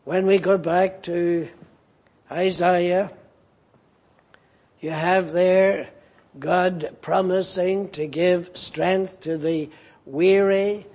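High-pitched guy preaching slow, kinda husky and mellow, acts out the bible bits. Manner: animated, dramatic voicing of scripture figures. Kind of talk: sermon.

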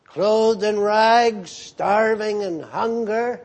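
Husky-voiced man preaching a slow sermon. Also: high-pitched, darkish tone. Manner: earnest, rebuking, emphatic repetition. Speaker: pastor.

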